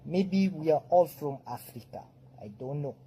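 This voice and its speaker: A man with a Jamaican accent speaking straight to camera in a relaxed monologue, drifting into patois phrasing. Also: a little high, slight background noise, low-quality recording. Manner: slow, easygoing, drifts into patois.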